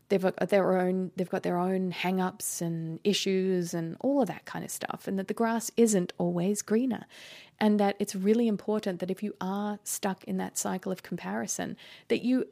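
A woman's voice: mid-range voice, gravelly, dark tone. An Australian woman in her thirties giving an earnest, encouraging motivational talk as a podcast host, laughing easily as she speaks. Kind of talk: motivational self-help talk. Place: rented holiday flat.

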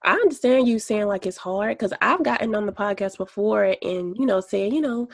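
A woman's voice: medium pitch, animated, moderate pace, gravelly, few pauses, no echo, studio quality. A woman co-hosting a faith podcast, speaking candidly and reflectively. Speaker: podcast co-host. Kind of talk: casual faith talk.

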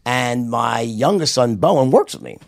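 Guest, man, middle-aged, New York accent; gravelly, animated, swears freely, restarts sentences. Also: mid-range voice, moderate pace, no room sound, studio quality. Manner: animated, profane, loud impressions with repeated restarts. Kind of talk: candid storytelling in conversation.

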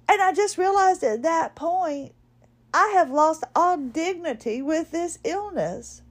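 A woman's voice: very high voice, big pitch swings, unhurried. Chatty woman telling a personal story. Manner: chatty, self-deprecating, laughs at herself. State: wearing a neck collar, recovering from illness. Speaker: podcast host.

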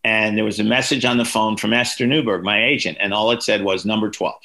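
A man in his sixties, an author, telling lively stories as a podcast guest and acting out the people he quotes. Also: fairly quick, vocal fry. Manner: lively anecdotes, voices quoted people with big pitch jumps. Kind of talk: storytelling in a podcast interview.

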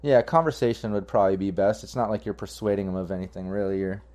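A man's voice: lowish voice, steady tone, fast, darkish tone. A man running a tabletop game as game master, narrating in a casual, rambling, profane way.

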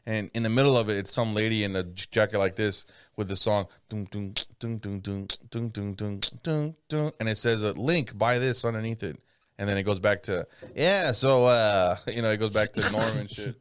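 A man's voice: fairly low pitch, a little fast, clear, resonant tone. Laid-back profane man chatting. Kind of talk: casual chat.

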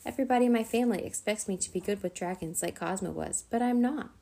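A woman's voice: mid-range voice, quick pace, vocal fry, warm tone, pitched above the performer's own voice. A woman reading the part of a scared, stubborn young girl who speaks anxiously and defensively.

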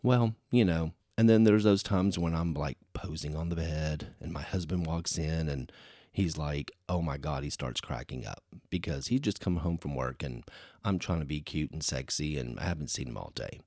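A man's voice: very deep voice, moderate pace, darkish tone, no room sound, clean studio sound. A man hosting a solo podcast, talking in a rambling, chatty way that is full of "you know". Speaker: podcast host. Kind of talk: casual solo podcast chat.

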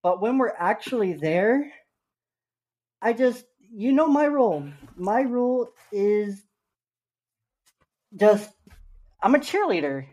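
This young podcast co-host has a high, slightly mellow voice and speaks slowly and animatedly, pausing often. He's cheerful and self-mocking in the casual chat, then turns salesy for the ad reads.

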